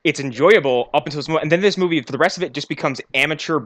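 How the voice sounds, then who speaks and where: A man's voice: a little high, rapid-fire, fairly bright tone, no room sound. A man co-hosting a movie review podcast, scathing and exasperated as he criticizes the film. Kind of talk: casual, profane movie criticism.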